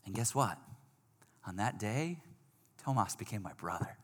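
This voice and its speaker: Animated male preacher in a big hall. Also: on the low side, measured pace, husky. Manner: animated storyteller, swings from loud to hushed. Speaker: pastor. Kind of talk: sermon storytelling. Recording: long hall reverb.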